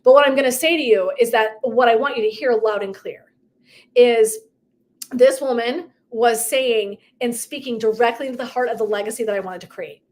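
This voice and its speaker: With a fairly high pitch, moderate pace and darkish tone, a middle-aged female coach focused on purpose and legacy gives her viewers a casual motivational talk. She speaks emphatically, wandering into tangents and side remarks.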